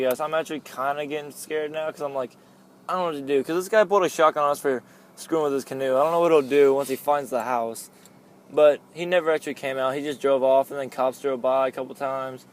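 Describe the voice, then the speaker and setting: A man's voice: mid-range voice, quick pace. A young man telling a story among friends in a casual chat, rambling with lots of "like" and laughing often.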